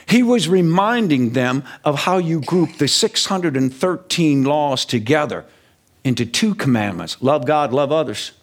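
A male preacher delivering a sermon with a lively, swooping voice that rises and falls across every phrase. He talks at an unhurried pace and draws out the words he wants to land. His pitch sits a little high for a man. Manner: animated, emphatic, stretches key words slowly.

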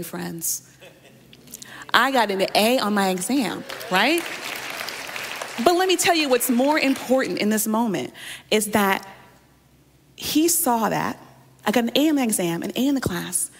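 A woman's voice: medium pitch, in a large hall, slight background noise. A woman pastor preaching a sermon, telling a personal story and often speaking straight to her listeners.

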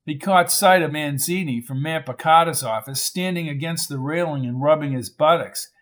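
A man narrating a crime novel in a steady, measured reading. His voice sits a little high for a man. He keeps an even, storytelling pace through the scenes. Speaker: audiobook narrator. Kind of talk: scripted narration.

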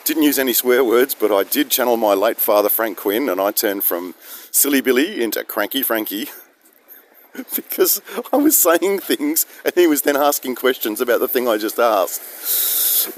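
A low-voiced Australian vlogger records a rambling, chatty monologue on his phone outside in misty rain. He pokes fun at himself and drifts between topics, with slight background noise.

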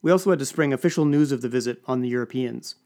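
A man's voice: medium pitch, racing, dark tone. A man narrating an audiobook with dry, wry storytelling. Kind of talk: scripted narration.

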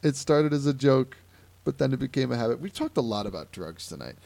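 Animated young man from Ohio with a gravelly voice. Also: medium pitch, a little fast, no echo. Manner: animated storytelling with quoted voices. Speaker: podcast host. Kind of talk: casual chat.

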